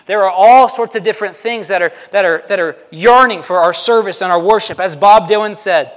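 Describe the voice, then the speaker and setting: High-pitched and a little fast, this man barely pauses as he delivers a conversational sermon. The pastor keeps asking his congregation "right?", and a large hall's long reverb fills the recording.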